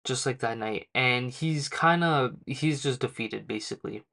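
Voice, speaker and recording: A man's voice: medium pitch, a little slow, vocal fry, bright, forceful tone. Young guy rambling thru a manga chapter recap, super casual, slangy, lots of uhs. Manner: rambling, filler-heavy, slangy retelling. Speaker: manga reviewer.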